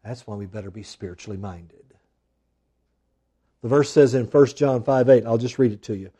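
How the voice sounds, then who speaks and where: A man preaching a sermon, swinging from loud emphatic lines to hushed, drawn-out asides. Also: mid-range voice, breathy edge. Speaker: pastor.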